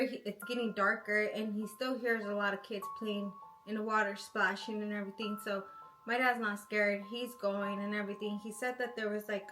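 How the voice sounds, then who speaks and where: A woman telling a spooky story in a casual way, packed with "like" and "you know", sometimes going hushed. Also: mid-range voice, low-quality recording. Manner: chatty, full of "like" and "you know" fillers.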